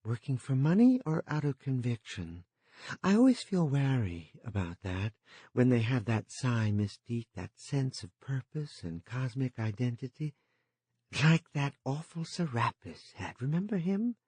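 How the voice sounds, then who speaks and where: A man's voice: medium pitch, very animated, measured pace, a little mellow, breathy edge, no room sound, pitched above the performer's own voice. Male reader as a wise wife, probing and wary, dry sound.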